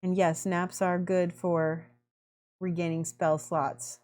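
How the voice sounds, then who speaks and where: A woman's voice: fairly low pitch, level tone, takes it slowly, darkish tone. A woman hosting a miniature painting livestream, chatting effusively and thanking viewers by name while she works.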